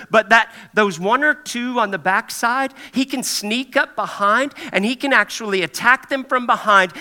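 Bright-voiced animated preacher man. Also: very high-pitched. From Kentucky. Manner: animated, folksy, asks the room "right?" often. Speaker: pastor. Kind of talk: sermon.

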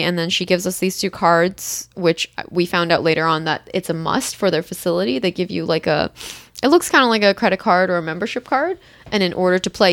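A young woman casually telling a story, acting out quoted lines with a jump in pitch and frequent laughs. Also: dry recording, studio quality. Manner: animated, acts out quotes with rising pitch and laughs. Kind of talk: casual chat.

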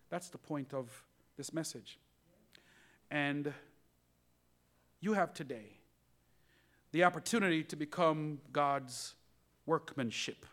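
A male pastor preaching a sermon, telling a story in an animated way and speaking straight to the congregation. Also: on the high side, unhurried, pauses often.

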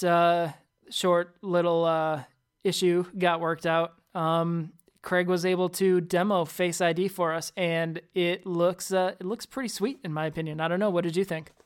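Low-pitched woman with a smooth voice. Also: fairly even intonation, unhurried. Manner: hesitant, repeats words when starting sentences. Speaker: podcast co-host. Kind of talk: casual tech chat.

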